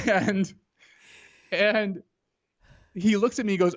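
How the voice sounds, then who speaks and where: A man in his thirties, a podcast guest telling a personal story in a casual, animated way, full of "like" and acted-out quotes. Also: a little high, moderate pace, muffled recording.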